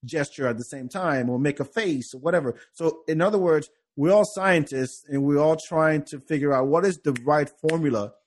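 This French podcast host speaks English as a non-native language, with a French accent and a voice on the high side. He keeps a moderate pace with few pauses, rambling in bursts and frequently starting over.

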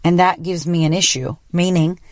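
A woman hosting a podcast, telling a personal story in a blunt, profane, animated way. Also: on the low side, normal speed, no echo, studio quality. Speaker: podcast host. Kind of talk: casual personal monologue.

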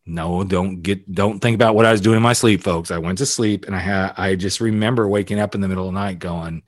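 Man telling a playful, animated story. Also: low-pitched, quick pace, no room sound, studio quality. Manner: animated, playful, swears freely. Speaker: podcast guest, author and coach. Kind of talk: casual storytelling.

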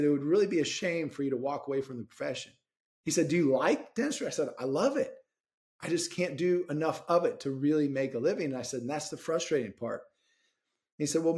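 Dentist guy on a podcast, chatty and informal, kinda high-ish voice. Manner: animated, informal, peppered with "man" and "like". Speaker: dentist and interview guest. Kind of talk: casual personal storytelling.

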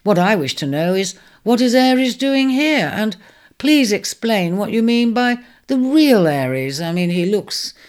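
A woman's voice: mid-range voice, very animated, a little slow, voice pushed up. A woman voicing a prickly, disdainful male character who snaps impatiently in a storybook reading. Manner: sharp, impatient, snapping.

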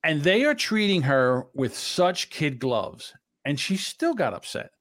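A man's voice: a little high, huge pitch swings, unhurried, fairly bright tone. A man hosting a podcast in casual chat, rambling and blunt, swearing freely. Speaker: podcast host.

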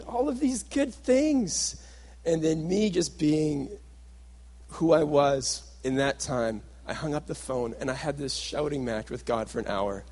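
A young adult man with a fairly high, husky voice gives a sermon-style talk. He tells a personal story and slips into the voices of his past self and the people around him. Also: a little mellow. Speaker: workshop speaker.

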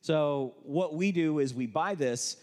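A man's voice: a little high, takes it slowly, darkish tone, big-room sound. A man co-hosting a live business workshop, explaining ideas to the audience in a loose, conversational way with frequent restarts. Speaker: co-host presenting at a live workshop. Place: event room with an audience.

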